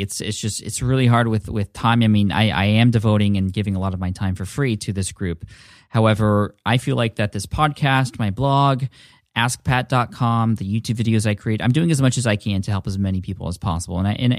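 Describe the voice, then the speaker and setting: Male podcast host, lowish voice, eager and chatty, dry booth sound. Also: dry recording. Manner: enthusiastic, many restarts and fillers. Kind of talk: casual podcast talk.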